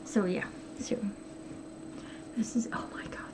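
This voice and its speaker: A middle-aged woman hosting a knitting podcast, talking quickly and casually with plenty of ums. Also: high-pitched, whispered. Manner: chatty, quick and rambling with many ums. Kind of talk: casual chat to camera. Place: at home. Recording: noisy home recording.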